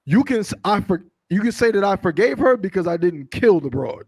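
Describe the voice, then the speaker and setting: A man in a scripture class asking questions and reading verses slowly, often affirming with "come on, come on". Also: high voice, big pitch swings, breathy edge, no echo. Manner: reads scripture slowly and deliberately. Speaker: student.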